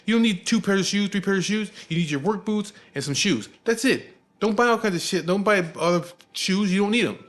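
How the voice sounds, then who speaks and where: A man's voice: high voice, pitched above the performer's own voice, close to an everyday voice. A man voicing his strict, hot-tempered father, cursing and scolding with a barrage of questions. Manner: yelling, cursing, scolding rapid-fire questions.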